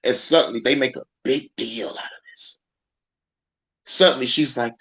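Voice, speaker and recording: A man's voice: medium pitch, moderate pace, pauses often, sharp tone, rough recording. A man hosting a casual livestream, ranting and rambling in heated, profane commentary. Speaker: livestream host. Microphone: phone.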